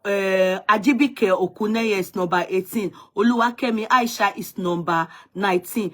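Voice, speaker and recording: A woman's voice: mid-range voice, normal speed, few pauses, a bit bright. A Nigerian woman hosting a casual livestream, chatty and teasing, greeting viewers by name and switching into Yoruba and Pidgin. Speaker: livestream host.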